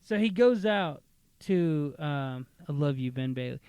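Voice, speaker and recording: Podcast host, male, casual rambling storyteller who slips into character voices; voice sits a little high and sounds smooth and clear. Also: animated, a little mellow, no room sound. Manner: rambling, acts out characters in quick bursts. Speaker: podcast host pitching movie ideas.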